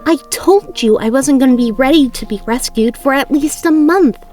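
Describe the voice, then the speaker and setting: A brisk, no-nonsense young princess from a storybook, crisp and matter-of-fact in a mid-range voice, as a woman reads her lines. Soft music hums faintly underneath. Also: mid-range voice, very animated, close to an everyday voice. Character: brisk, practical young princess, easily annoyed.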